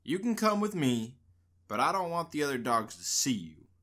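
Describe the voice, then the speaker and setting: A woman voicing a big, tough, grumpy male dog in a storybook read-aloud, with a gruff, growling voice. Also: deep voice, very animated, normal speed, fairly bright tone, pitched below the performer's own voice, full character voice.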